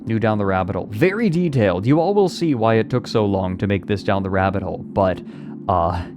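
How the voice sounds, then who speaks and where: A man's voice: lowish voice, lively intonation, brisk, noisy background. A man streaming live, chatting casually and playfully with his viewers and answering their comments as he rambles along. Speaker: livestreamer.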